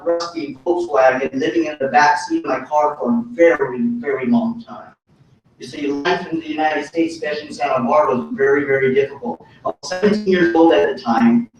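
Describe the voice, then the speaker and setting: A man giving a motivational business talk, telling his story in an animated, folksy way with punchy repetition. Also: dull audio. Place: hotel ballroom. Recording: echoey hall from far off, faint rumble.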